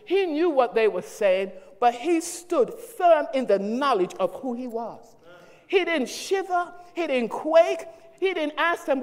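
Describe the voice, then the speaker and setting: A woman's voice: on the high side, a little mellow. Fervent woman preaching in a hall. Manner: fervent preaching with emphatic repetition. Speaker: associate minister. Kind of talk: sermon. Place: church sanctuary. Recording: reverberant hall.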